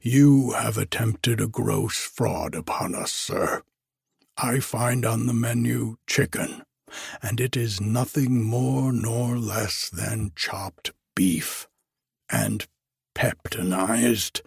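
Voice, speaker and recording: A man voicing an indignant, fussy old gentleman who complains in a pompous, stiffly formal way. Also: fairly low pitch, slow, vocal fry, breathy edge, no room sound, studio quality, heavily acted.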